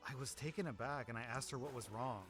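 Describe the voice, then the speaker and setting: A young man narrates online posts in a casual, mid-pitched voice, breaking off now and then for dry, sarcastic commentary. Clear background music plays under his voice the whole time. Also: fast talker. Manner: sarcastic, animated asides. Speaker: Reddit story narrator.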